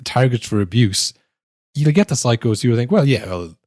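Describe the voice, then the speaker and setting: A man's voice: medium pitch, moderate pace, no room sound, clean studio sound. A man, co-hosting a casual football podcast and acting out referees and players as he argues. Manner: animated, acts out quoted referees and players. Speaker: podcast co-host.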